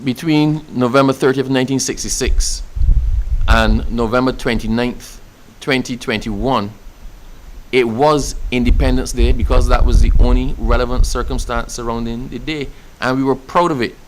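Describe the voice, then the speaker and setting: A man's voice: medium pitch, steady tone, normal speed, a little hiss or hum, rough recording. A man with a Barbadian accent answering a reporter at a press event, speaking with growing pride and emphatic repetition. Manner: passionate, building to proud emphatic declarations.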